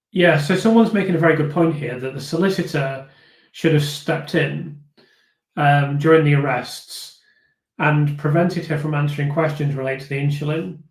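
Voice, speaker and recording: A man's voice: fairly high pitch, gravelly, a little mellow. A man hosting a live stream, chatting casually and thoughtfully as he reads viewer comments, with frequent fillers and restarts. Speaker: host of a live viewer discussion. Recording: echoey room.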